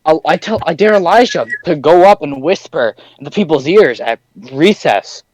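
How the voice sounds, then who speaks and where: A teenage boy telling a story on a casual podcast, animated and acting out the voices of the people in it. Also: fairly high pitch, moderate pace, dry recording, poor audio. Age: teens. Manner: animated, acts out voices in his stories. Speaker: podcast host.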